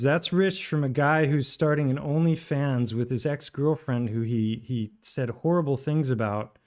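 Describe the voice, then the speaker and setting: A man's voice: medium pitch, a little mellow. A man hosting a video, commenting over clips in a sarcastic, rebutting way. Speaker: video host.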